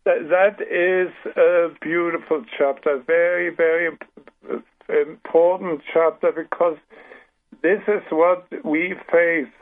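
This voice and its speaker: An older man in his seventies speaks with a German accent over a tinny phone line. His voice sits high and he talks slowly and earnestly, stumbling and restarting often. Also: fairly even intonation. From Britain, raised in Paraguay. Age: 70s. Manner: earnest, halting, many restarts. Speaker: guest author. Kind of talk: phone-in radio interview. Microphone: telephone.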